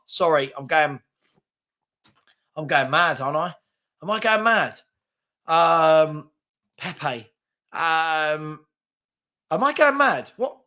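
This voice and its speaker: A man's voice: a little high, a bit bright. A man, hosting a casual live football chat stream, reading out viewer comments in a chatty, rambling and self-deprecating way, tired from an early start. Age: 40s. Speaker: football channel host.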